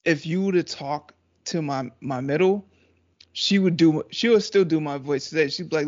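A man on a podcast talks in a laid-back, joking way. His voice sits a little high. The audio is muffled and lo-fi. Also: moderate pace. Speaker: co-host. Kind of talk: casual podcast chat. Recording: dull lo-fi sound.

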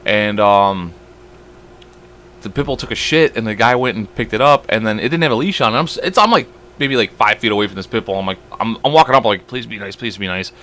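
Fast-talking young man, bright and dry. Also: on the low side. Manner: fast, animated storytelling with lots of swearing. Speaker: podcast co-host. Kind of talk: casual podcast chat.

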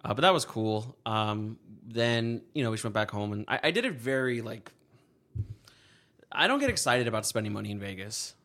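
A man's voice: on the low side, expressive, normal speed, fairly bright tone. A young man co-hosting a casual podcast, rambling with lots of fillers and frequent laughs. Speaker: podcast co-host. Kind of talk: casual chat.

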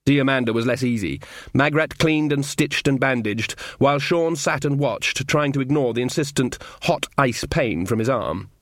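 Guy reading a funny fantasy audiobook, dry close sound, middle pitch, does little character voices. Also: normal speed, fairly bright tone, no room sound. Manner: voices each character with small shifts. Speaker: audiobook narrator. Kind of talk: scripted narration.

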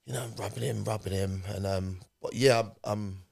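A man speaks in a fairly low voice, recounting a personal story as a guest on a talk show. He retells events in a conversational way and voices the lines of the people in his story. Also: moderate pace, gravelly, breathy edge. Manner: animated retelling, acting out quoted speech. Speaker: podcast guest.

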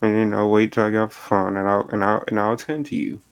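A young man with a somewhat low voice telling a story in casual chat. He is animated and acts out each exchange as he goes. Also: fast, vocal fry, clean tone.

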